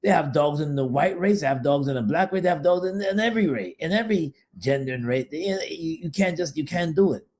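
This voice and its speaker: Male co-host, mellow dark voice, emphatic, repeats himself, casual chat. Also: fairly high pitch, expressive, a little fast, hardly any pauses. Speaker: podcast co-host.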